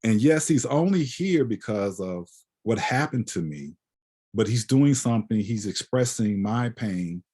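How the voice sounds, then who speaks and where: Man, husky, lowish voice, reflective lecture, conversational, keeps asking "right?". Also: animated, unhurried, dark tone. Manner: conversational, often ends with "right?". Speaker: guest lecturer, photographer. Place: lecture hall.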